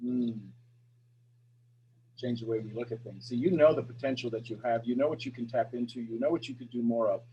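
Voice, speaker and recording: A man hosting a coaching call, talking in an energetic, encouraging way. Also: mid-range voice, brisk, highs cut off, slight background noise. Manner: energetic, encouraging, talks to the audience directly. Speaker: coaching show host.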